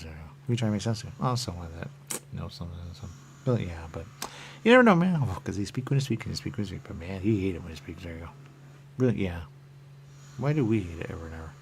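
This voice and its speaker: With a deep, slightly mellow voice, this man works as a radio talk host and rambles on in a stream-of-consciousness monologue. He keeps falling back on "there you go" and trails off into whispers now and then. A slight background noise sits under the recording.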